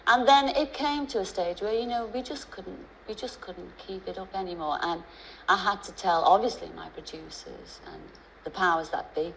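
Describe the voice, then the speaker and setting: A woman's voice: mid-range voice, moderate pace, a little hiss or hum, rough recording. Chatty Liverpool woman telling stories. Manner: chatty storyteller, many restarts and asides. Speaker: guest. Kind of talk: TV chat-show interview.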